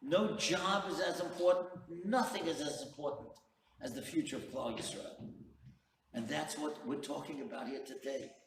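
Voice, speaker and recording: A rabbi preaching to a live audience, earnest and direct, stopping to tell stories and press a point home. His voice sits a bit high for a man. The microphone is set some way off in a roomy hall, with a faint hum of ambience behind him. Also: steady tone, normal speed, far from the mic. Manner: earnest storyteller, direct appeals. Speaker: rabbi, lecturer. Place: event hall.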